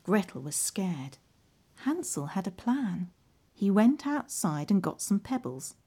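A woman narrating a children's storybook in an expressive, lively way. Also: mid-range voice, takes it slowly, breathy edge.

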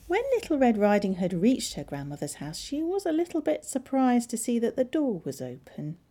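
A woman librarian narrating a children's storybook in an expressive, measured way. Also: a little high.

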